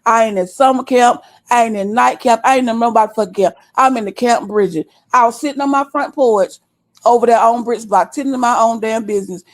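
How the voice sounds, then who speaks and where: A woman's voice: on the high side, fairly quick. A woman over thirty-five, host of a livestream, scolding her viewers bluntly and with a lot of cursing. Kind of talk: heated livestream rant. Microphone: desktop stream mic.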